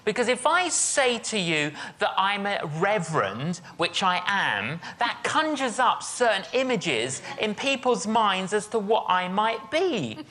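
A woman's voice: mid-range voice, sing-song, a little slow, few pauses, fairly bright tone. A woman reverend telling a humorous anecdote in a sermon, acting out both sides of a conversation. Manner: storytelling, acts out both sides of a dialogue.

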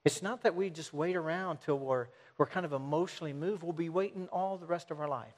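A man preaching a sermon in an earnest way, stressing points by repeating them and sometimes restarting phrases. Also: fairly high pitch. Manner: earnest, repetitive emphasis with halting restarts.

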